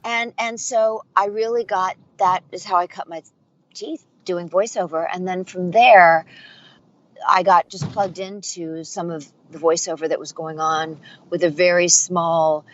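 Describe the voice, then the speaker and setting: A woman's voice: fairly low pitch, a little slow, highs cut off, a little hiss or hum. A middle-aged woman voice actor and dialect coach telling stories in a casual interview, acting out the voices she quotes. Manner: animated storyteller, acts out quoted voices.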